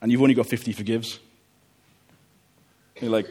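A man preaching a relaxed, conversational sermon, joking about family life and often checking in with "okay?". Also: medium pitch, normal speed, husky. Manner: chatty, jokey, checks in with "okay?".

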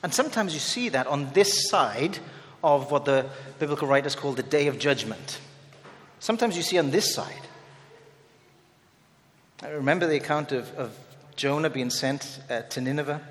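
A man preaching a sermon in an animated way, acting out the people he quotes. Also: mid-range voice, moderate pace, pauses often. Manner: animated, dramatizing quoted speech. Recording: long hall reverb.

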